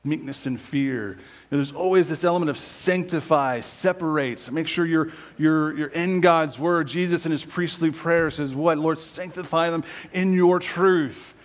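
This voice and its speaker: A man preaching a conversational sermon as pastor, often checking in with rhetorical questions and slowing down to quote scripture. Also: on the high side. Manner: quotes scripture slowly and deliberately.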